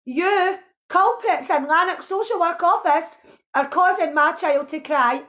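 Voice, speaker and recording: A woman's voice: extremely high pitch, unhurried, fairly bright tone. A mother ranting with passion, angry and accusing, and at times pleading and emotional. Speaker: protesting mother. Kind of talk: impassioned video rant.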